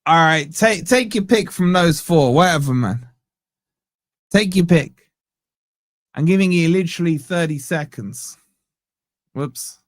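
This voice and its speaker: A young man in a slightly higher register, hosting a casual live match reaction stream. He rambles, jokes and keeps cutting himself off mid-thought. The sound is dry and close to the mic. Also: expressive, a little slow, long pauses, no echo. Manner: rambling, self-interrupting, jokey. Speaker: fan channel host.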